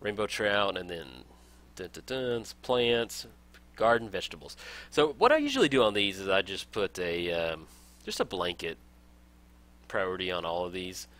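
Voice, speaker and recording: An upbeat young man walks viewers through a strategy game in a casual tutorial voice. His lowish voice has a bright edge, and his pitch swings widely as he gets excited. He laughs easily and cheers at small finds. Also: moderate pace. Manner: upbeat, enthusiastic, laughs often. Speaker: gaming let's play host.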